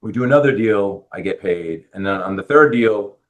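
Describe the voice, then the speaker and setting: Low-voiced New man telling stories. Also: moderate pace, phone-quality sound. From Bronx, New York. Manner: animated storyteller acting out quoted dialogue. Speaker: guest, real estate lender. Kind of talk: storytelling in a podcast interview.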